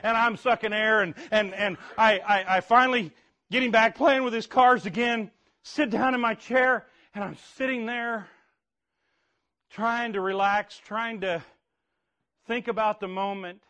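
A middle-aged man preaching, telling a story in an animated way with sudden shouts and frequent restarts. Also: high-pitched, a little slow. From Indiana. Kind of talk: sermon storytelling.

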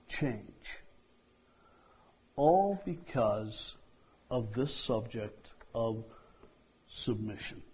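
A man preaching a sermon, slow and deliberate, acting out quoted dialogue and letting lines trail off softly. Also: on the high side, slightly rough, low-quality recording.

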